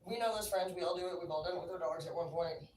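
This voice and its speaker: Low-voiced woman rambling far from the mic. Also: fast, a little mellow. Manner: rambling, profane, filler-heavy talk. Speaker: livestreamer. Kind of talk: casual livestream chat. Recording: echoey room, far from mic, faint noise.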